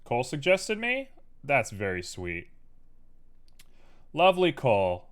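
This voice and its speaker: A man's voice: mid-range voice, huge pitch swings, measured pace, long pauses. A man casually chatting on a live stream while he works, playful and talking to himself and his chat. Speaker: livestreamer and 3D artist.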